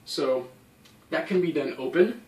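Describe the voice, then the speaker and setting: A man's voice: a little high, a little slow, loud music behind the voice. A man teaching a hand-drum technique, explaining each step patiently and counting the beats aloud. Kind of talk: instructional explanation. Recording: echoey room, somewhat far from mic. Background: drum playing.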